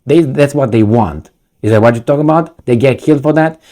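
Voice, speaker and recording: A man's voice: medium pitch, brisk, warm tone. A man reading a news article aloud and breaking off into combative, sarcastic commentary, often losing his words and restarting. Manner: combative, sarcastic, heated asides. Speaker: political commentator.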